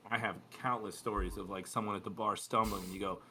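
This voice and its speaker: A man co-hosting a podcast, chatting casually about crew life and acting out quoted dialogue in lively bits. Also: lowish voice, fast talker, slight background noise. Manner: animated, acts out quoted dialogue. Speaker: podcast co-host, former cruise ship youth staff. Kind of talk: casual storytelling chat.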